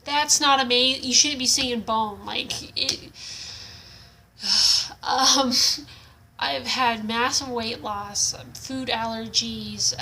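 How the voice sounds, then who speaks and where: Young woman vlogger, frank and frustrated, bright tone, filler-heavy casual delivery. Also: a little high, slight background noise, rough recording. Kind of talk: casual testimonial vlog.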